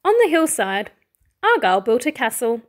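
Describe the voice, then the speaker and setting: A woman who teaches primary school, reading a picture book aloud in a slow, expressive storytelling way. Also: fairly high pitch.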